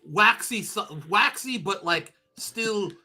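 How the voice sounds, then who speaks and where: A man's voice: a little high, animated, moderate pace, pushed and bright. A man playing a pompous party leader in an improvised comedy role-play.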